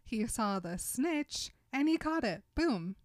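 A woman's voice: on the high side, very animated, slow, a little mellow, no echo, studio quality. A woman co-hosting a podcast, retelling a story with animation and acting out the characters' lines. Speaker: podcast co-host. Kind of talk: casual book-club chat.

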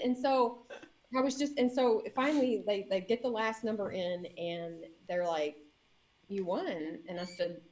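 A woman mayor in an interview, telling a story in a lively way, laughing and acting out what people said. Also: normal speed, poor audio. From Indiana, US. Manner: lively, laughing, acts out quotes with big pitch jumps. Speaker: mayor, guest.

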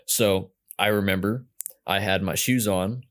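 Rambling low-voiced young man storyteller. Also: unhurried, fairly bright tone. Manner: rambling, self-mocking, lots of fillers and restarts. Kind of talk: casual storytelling chat.

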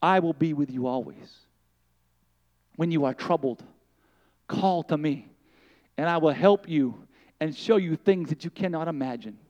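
A man voicing the Lord in a sermon story, speaking softly and tenderly to a weary woman. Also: a little high, lo-fi sound, pitched below the performer's own voice, natural voice. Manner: soft, tender, slow.

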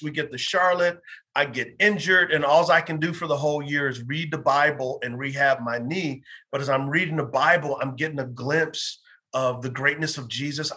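A bright, forceful man's voice, pitched a little high, tells his own story with earnest conviction. He is a pastor in his fifties, speaking in an interview and slipping into quoted dialogue as he goes. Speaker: pastor and former pro football player. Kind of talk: personal faith testimony in an interview.

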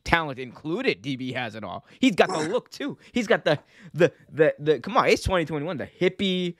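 A man's voice: on the high side, big pitch swings, normal speed, a bit bright, dry recording, clean studio sound. A man co-hosting a casual wrestling podcast, joking around and reading viewer comments aloud. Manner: jokey, reads chat comments aloud. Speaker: podcast co-host.

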